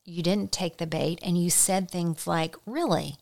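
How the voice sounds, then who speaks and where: A middle-aged woman giving an earnest, conversational Christian teaching, slowing down to stress key points. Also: on the low side, little pitch movement, gravelly. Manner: earnest, slows down for emphasis. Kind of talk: conversational sermon.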